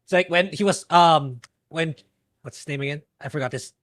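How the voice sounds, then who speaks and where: A man's voice: fairly high pitch, moderate pace, a bit bright, no room sound. A man co-hosting a podcast in casual chat who laughs easily and searches for words. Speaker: podcast co-host.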